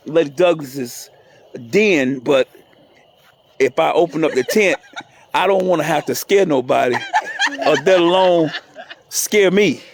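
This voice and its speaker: A man's voice: a little high, slight background noise. A man hosting a casual phone video at an outdoor campsite, playful and teasing, often repeating his words. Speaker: host filming the gathering. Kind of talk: casual chat to camera. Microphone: handheld phone camera.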